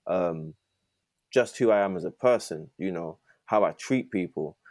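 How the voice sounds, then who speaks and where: A man's voice: low voice, measured pace, darkish tone, dry recording, studio quality. A young man as a podcast guest, talking earnestly and reflectively with many fillers. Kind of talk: reflective conversation.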